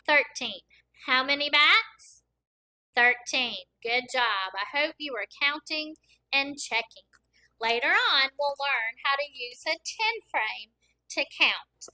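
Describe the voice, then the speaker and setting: Kindergarten teacher, woman, high, bright voice, slow and encouraging, counts along with the kids. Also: low-quality recording. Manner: encouraging, counts aloud slowly for young children. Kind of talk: recorded classroom lesson.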